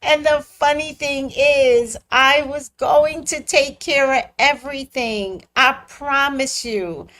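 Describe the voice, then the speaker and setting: A woman casually telling a personal story on her vlog, laughing often and swinging between squealing highs and hushed lows. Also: takes it slowly, hardly any pauses. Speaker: vlogger.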